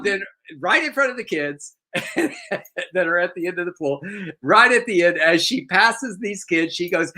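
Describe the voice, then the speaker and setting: Bright-voiced man dishing the news. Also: high voice, a little slow. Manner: animated, laughing storyteller. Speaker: co-host. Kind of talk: casual news chat.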